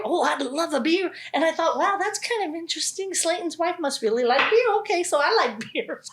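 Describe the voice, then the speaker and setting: High-voiced laughing woman comedian. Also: animated, a little fast, hardly any pauses, roomy sound, a little hiss or hum. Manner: laughs often through her stories, profane. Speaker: stand-up comedian guest. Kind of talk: casual podcast storytelling.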